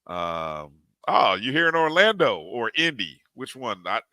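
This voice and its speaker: A man hosting a streamed sports talk show, his bright voice moving lively up and down as he greets viewers by name. The sound is dry and close to the mic. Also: medium pitch, unhurried, no room sound. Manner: animated, repeats greetings to each viewer by name.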